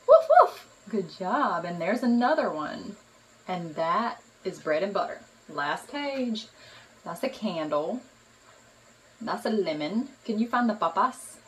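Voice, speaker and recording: A mother in playful talk with her baby, slow, sing-song and encouraging. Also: medium pitch, animated, a bit bright, distant mic, poor audio.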